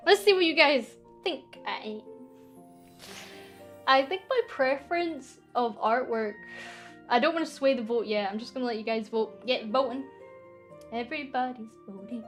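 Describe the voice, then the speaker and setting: A young Scottish woman streaming a casual, teasing Q&A with her chat, playful and quick to giggle. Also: on the high side, soft background music. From Scotland. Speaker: VTuber streamer.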